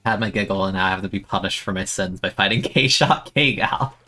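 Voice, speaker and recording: A young man streaming a video game, chatting excitably and self-mockingly, often stammering and repeating words. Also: low-pitched, a little fast. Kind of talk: casual gameplay commentary.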